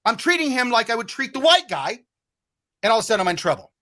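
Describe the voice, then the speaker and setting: A man tells a story as a podcast guest, his voice pitched high with a sharp, bright edge. He rambles loosely, swears freely and trips over his own restarts as he goes. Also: very animated, fast. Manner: rambling, profane, frequent restarts. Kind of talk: casual storytelling.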